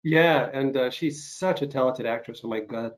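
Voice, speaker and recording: A man hosting an interview show, recovering from an illness and coughing now and then, speaking haltingly with many fillers and restarts. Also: mid-range voice. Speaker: talk show host. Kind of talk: casual interview chat.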